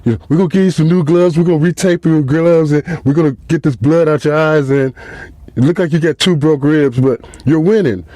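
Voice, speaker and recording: A man voicing a loud, pushy male boxing coach who barks orders. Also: a little high, a little fast, dry recording, pitched above the performer's own voice, lightly acted. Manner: shouting, brash, domineering.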